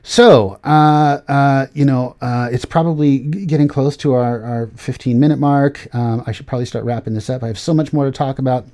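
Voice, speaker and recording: A man's voice: medium pitch, steady tone, normal speed, hardly any pauses, a little mellow. A middle-aged man hosting a casual tech talk show, rambling with many fillers and restarts. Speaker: podcast host.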